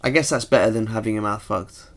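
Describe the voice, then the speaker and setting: A man's voice: on the low side, quick pace. Teasing man in casual chat. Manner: teasing, dry interjections. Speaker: podcast co-host, musician.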